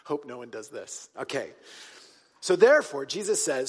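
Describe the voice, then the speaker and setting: A man's voice: mid-range voice, big pitch swings, moderate pace, husky, big-room sound. A man preaching a sermon in a conversational, emphatic way, repeating key points and checking in with his listeners. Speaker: pastor.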